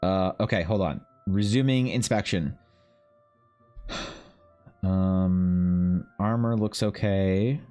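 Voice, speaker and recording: Low-pitched male streamer who rambles and swears as he works, faint music underneath. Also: takes it slowly, long pauses, mellow, smooth. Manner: rambling, swears, talks to himself and chat. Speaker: artist streaming live. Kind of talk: casual live-stream chat while drawing.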